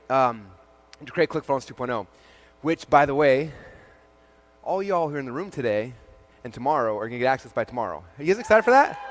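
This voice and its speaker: On a large event stage before a live crowd, a fortyish man gives an animated keynote. He speaks at a fairly high pitch, slipping into quick quoted exchanges and using "like" again and again.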